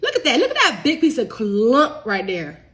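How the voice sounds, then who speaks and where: A woman's voice: on the high side, wildly swooping pitch, moderate pace, fairly bright tone. A woman with a cold, sniffling as she cooks live and chats casually with her viewers, laughing easily. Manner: chatty, addresses viewers as y'all, laughs easily. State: sick and sniffly. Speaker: home cook and cookbook author. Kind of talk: casual live cooking stream.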